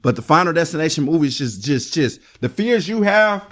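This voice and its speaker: A man reviewing a movie in casual chat, excitable and rambling, with lots of swearing. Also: on the high side, brisk.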